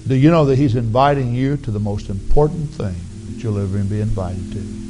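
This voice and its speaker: A man preaching an altar call, his raspy voice earnestly pleading with the congregation to come forward. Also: lowish voice, brisk, dark tone, faint music behind, poor audio. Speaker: pastor. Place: church sanctuary.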